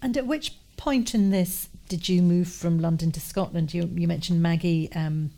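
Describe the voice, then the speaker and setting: Low-voiced woman interviewer. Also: moderate pace, warm tone. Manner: hesitant questioning.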